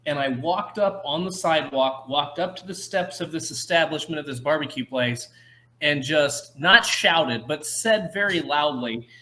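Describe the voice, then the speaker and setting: A young man co-hosting a podcast, an animated storyteller who laughs and slips into put-on voices. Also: a little high, normal speed. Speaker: podcast co-host. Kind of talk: casual chat.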